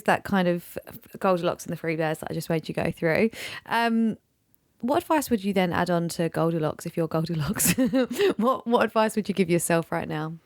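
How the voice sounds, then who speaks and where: A woman host with a lower voice draws out her guest with probing, personal questions, laughing lightly between them. She talks in a conversational, reflective way. The recording is dry and close. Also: a little mellow, no room sound. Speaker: podcast host. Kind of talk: interview hosting.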